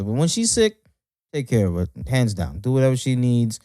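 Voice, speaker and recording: Brief: male co-host, casual and animated, swings his pitch a lot, cursing comic rants. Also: normal speed, dry recording, studio quality. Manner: animated, profane ranting storyteller. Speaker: podcast co-host. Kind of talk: casual chat.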